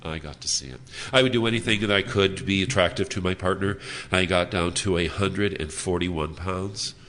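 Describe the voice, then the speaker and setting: A man sharing his personal story as a speaker at a convention, earnest and halting with frequent "uh" fillers. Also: deep voice, a bit bright. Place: hotel convention room.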